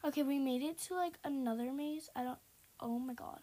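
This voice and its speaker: High-voiced young woman in jittery game commentary. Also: fairly quick, a little hiss or hum. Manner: jumpy, swings between hushed whispers and loud panicked exclamations. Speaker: gamer. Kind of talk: horror game let's-play commentary.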